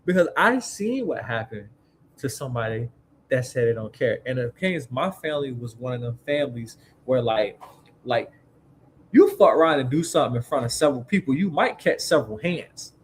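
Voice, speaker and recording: A man co-hosting a casual podcast, telling family stories in an animated, profane way and acting out his relatives. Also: mid-range voice, brisk, a little hiss or hum. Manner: animated, profane storyteller who acts out family members. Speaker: podcast co-host. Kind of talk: casual chat.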